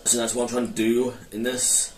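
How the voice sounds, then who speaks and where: A man's voice: mid-range voice, flat delivery, normal speed. A man hosting his own gaming channel, rambling and correcting himself as he comments on his play. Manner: rambling, hesitant, self-correcting. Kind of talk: casual gameplay commentary. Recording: roomy, mic held far off with faint noise.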